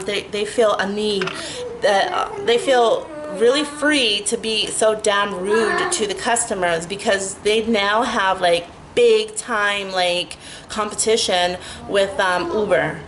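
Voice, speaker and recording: A woman telling a story in a casual, animated rant, full of 'like' fillers and frequent swearing. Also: medium pitch, measured pace, a little hiss or hum, low-quality recording.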